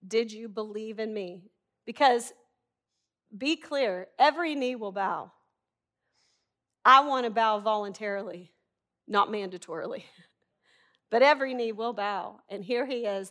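A woman's voice: on the high side, a bit bright. A middle-aged woman preaching a sermon in a conversational, humorous and emphatic way.

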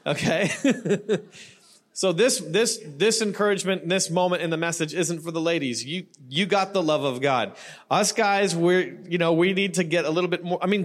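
A man's voice: high-pitched, fairly bright tone. A middle-aged male pastor preaching in a loose, joking, conversational way, often checking in with the congregation. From not Australian. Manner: conversational, joking, frequent "right?" and "you know". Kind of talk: sermon.

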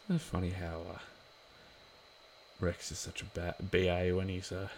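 A man's voice: deep voice, flat delivery, normal speed, a little mellow, slight background noise. A man giving a casual watch-along commentary of an episode, chatty and rambling with lots of filler words.

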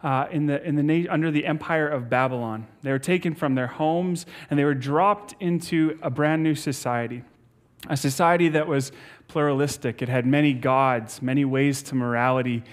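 An upbeat male pastor delivering a relaxed, playful sermon. His voice sits a little high for a man, and he moves easily between teaching and light banter, often breaking into laughter. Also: normal speed.

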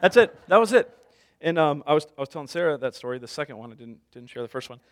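A man's voice: fairly high pitch, lively intonation, fast. A man in his thirties preaching a sermon as a pastor, conversational, telling stories with self-deprecating humor.

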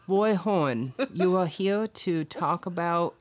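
Brief: man playing a hammy TV interviewer, lively swooping voice, slow delivery. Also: high voice. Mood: mock-serious. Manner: hammy, giggling through it. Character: male TV interviewer with a mock announcer voice.

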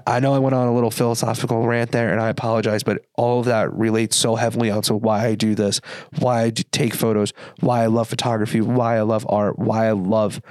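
A man's voice: mid-range voice, darkish tone, no room sound. A young man hosting his own podcast, telling a story in a casual, earnest way and acting out what people said. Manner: earnest storytelling, acts out quoted dialogue. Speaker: podcast host. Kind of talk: casual solo podcast monologue.

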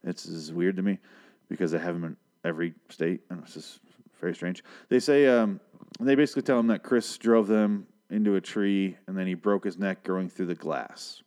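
A man with a fairly low voice chats casually and profanely while recapping a show. He rambles, restarts his sentences and drops curses everywhere. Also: fairly even intonation, normal speed, a little mellow. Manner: rambling, swears a lot, interrupts himself. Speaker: podcast host recapping a TV episode.

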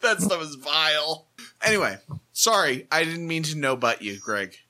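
A man's voice: fairly high pitch, expressive, moderate pace, pushed and bright. A man co-hosting a podcast, rambling with self-deprecating asides while plugging his projects. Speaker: podcast co-host. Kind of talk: casual podcast chat.

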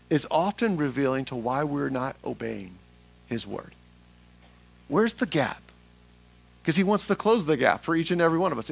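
A young adult man from Atlanta, preaching a sermon to a congregation, building from quiet reflection to loud emphatic calls. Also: on the high side, creaky, husky. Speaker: pastor. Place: church sanctuary with congregation.

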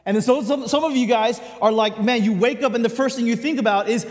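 A man's voice: extremely high pitch, fast talker, few pauses, big-room sound. A man delivering a sermon in a conversational way, speaking directly to his congregation. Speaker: pastor.

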